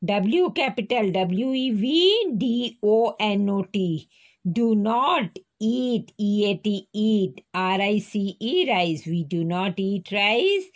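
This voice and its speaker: Slow, letter-spelling woman teacher. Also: mid-range voice, lively intonation. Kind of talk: primary school lesson.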